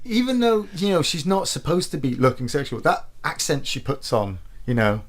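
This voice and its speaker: A man's voice: a little high, normal speed. A man co-hosting a casual film podcast, rambling along with plenty of fillers. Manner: rambling, lively, with frequent fillers. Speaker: podcast co-host.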